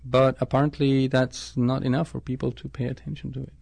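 A male scientist speaks in a gravelly, creaky voice at a middle pitch. He answers interview questions in a reflective way and often stops to restart his sentences. The sound is close and dry. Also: little pitch movement, fairly quick, darkish tone, dry recording. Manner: thoughtful, with frequent restarts and self-corrections.

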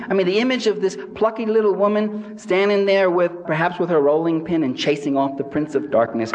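A man's voice: sits high, fairly quick, hardly any pauses, a little mellow. A man giving a satirical public lecture to a live audience, sardonic and mocking. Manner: sardonic, mimics quoted people with exaggerated voices. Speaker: speaker addressing a live audience. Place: large hall with audience. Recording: distant reverberant hall recording.

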